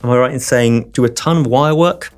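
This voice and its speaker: A man's voice: mid-range voice, a little fast, clean tone, soft background music. A British man interviewing a guest as a film critic, playful and jokey, with questions that ramble. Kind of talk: casual interview.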